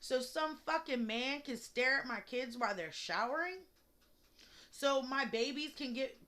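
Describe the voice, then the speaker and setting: A woman's voice: high voice, measured pace, a bit bright. A young woman, ranting angrily and bluntly in an unedited vlog, swearing freely. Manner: angry, profane, blunt. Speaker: mother venting on video. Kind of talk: emotional unedited vlog rant.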